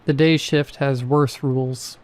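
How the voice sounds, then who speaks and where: A man doing a deadpan, bored security guard. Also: medium pitch, unhurried, natural voice. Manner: monotone and deadpan. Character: flat, bored, apathetic male security guard.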